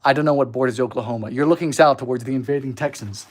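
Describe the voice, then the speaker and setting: A man's voice: medium pitch, fast talker. A man hosting a baking livestream in a home kitchen, chatting casually in a goofy, giggly way while reading out viewer comments.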